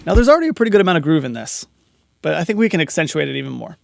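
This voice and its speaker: Gravelly-voiced man teaching audio mixing. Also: on the high side, very animated, very fast, music in the background. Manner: casual, explanatory, talks through each step. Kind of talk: screen-recorded tutorial explanation.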